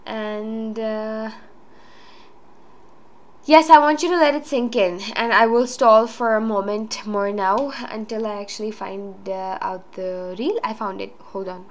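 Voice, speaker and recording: A woman's voice: medium pitch, steady tone, measured pace. A woman hosting a solo talk show, talking earnestly in a rambling casual way with many fillers. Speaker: podcast host.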